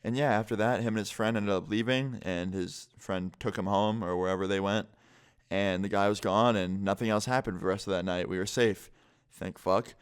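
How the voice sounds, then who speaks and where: A young man tells a scary story straight to camera in a casual vlog. His voice sits a little low and comes across smooth and clear. He swears freely and fills his sentences with "like.". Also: fairly even intonation, normal speed. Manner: casual, heavy swearing, lots of "like". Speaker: vlogger.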